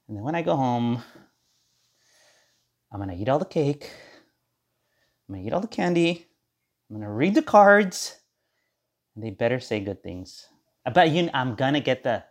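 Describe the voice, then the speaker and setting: A man's voice: medium pitch, lively intonation, moderate pace, long pauses. Rambling sarcastic man, podcast monologue. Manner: rambling, sarcastic, mock-cheerful impressions of coworkers. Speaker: podcast host. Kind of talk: casual monologue.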